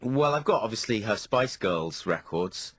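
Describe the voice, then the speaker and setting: A man's voice: lowish voice, animated, a little slow, slightly rough, no room sound. A man with an English accent, co-hosting a radio show and telling anecdotes in casual banter in a studio.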